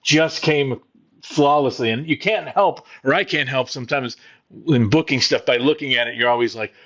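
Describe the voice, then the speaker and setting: A man's voice: medium pitch, normal speed, a bit bright. Laid-back man on a dull lo-fi line. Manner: laid-back, swears, laughs easily. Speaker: former wrestling writer, co-host. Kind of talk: casual chat. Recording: dull lo-fi sound.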